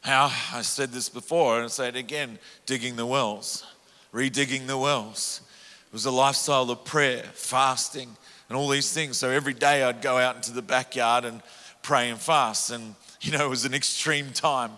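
A middle-aged evangelist tells stories from the pulpit, animated and self-mocking, often breaking into laughs. His voice is bright and forceful, in a mid register. Long reverb from a large hall trails his words. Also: medium pitch, normal speed. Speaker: evangelist preacher. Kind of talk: storytelling sermon. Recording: echoey hall.

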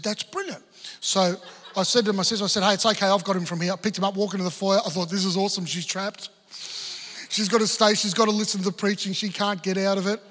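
Animated Australian preacher man, high bright voice. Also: long reverb tail. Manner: animated storytelling preacher, acting out dialogue. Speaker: pastor. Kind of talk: sermon with personal story.

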